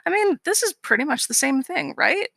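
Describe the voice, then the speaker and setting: A woman's voice: sits high, sing-song, normal speed, creaky, a bit bright, no echo. A young woman co-hosting a casual podcast, dry and sarcastic, swearing often. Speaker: podcast co-host. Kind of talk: casual chat.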